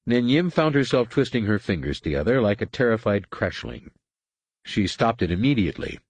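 A man reading a science fiction novel aloud as a narrator, with measured, expressive storytelling. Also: on the low side, slightly rough, no echo. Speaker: audiobook narrator. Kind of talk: scripted narration.

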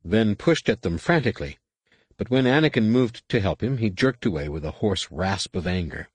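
A man narrating an audiobook with expressive storytelling intonation. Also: on the low side, moderate pace, husky, dry recording. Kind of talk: scripted narration.

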